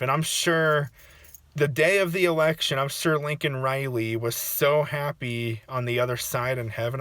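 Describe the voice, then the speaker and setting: Man, casual reaction vlog, emotional, halting, restarts sentences, dry close sound. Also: medium pitch, a bit bright, no echo. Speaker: vlogger.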